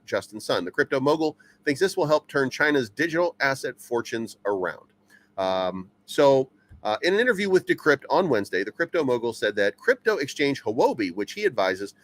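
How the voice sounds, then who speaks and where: A man hosting a crypto news channel, reading headlines aloud and rambling through them with stammering repeats and many fillers. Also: medium pitch.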